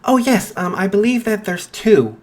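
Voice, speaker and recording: A man's voice: high-pitched, animated, moderate pace, pitched above the performer's own voice. A man voicing a polite, formal male animal who runs a school, in a fan story.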